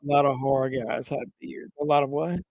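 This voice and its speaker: A man's voice: medium pitch, flat delivery, brisk, a little mellow, no echo, highs cut off. Man cracking crude jokes on a livestream. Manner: laughs at his own jokes, teasing. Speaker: livestream host. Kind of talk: crude joking chat with live viewers.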